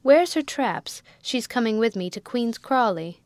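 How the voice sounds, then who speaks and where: A blunt old country baronet, as a woman reading a novel aloud puts him on, gruff and demanding. He drawls slowly in a pitch raised well above the reader's own. The sound is dry and close. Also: lively intonation, a little mellow, no echo. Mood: impatient.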